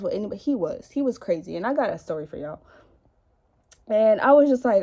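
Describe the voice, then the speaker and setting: Animated and fairly quick, a young woman with a warm, somewhat high voice rambles through a profane story in her home makeup vlog, speaking to a camera set up in front of her. She is chatty and peppers her talk with "like."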